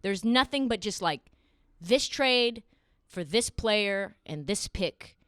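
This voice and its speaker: A young woman hosting a sports podcast, talking in a casual, sarcastic and animated way. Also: medium pitch, no room sound, studio quality. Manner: animated, sarcastic, quick asides. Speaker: podcast host.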